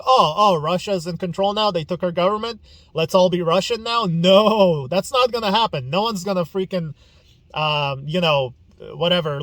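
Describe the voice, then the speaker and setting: Young man, blunt and profane, emotional, slightly high voice, casual vlog. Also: no room sound. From Ukraine. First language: Ukrainian. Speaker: podcast host.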